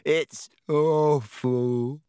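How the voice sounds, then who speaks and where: Man doing a gloating ghost girl, high and sloooow, odd thin timbre. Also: fairly even intonation, dark tone, smooth, dry recording, clean studio sound. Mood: gleeful. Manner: slow, drawn-out, gloating. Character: gleeful ghost girl who loves others' misery.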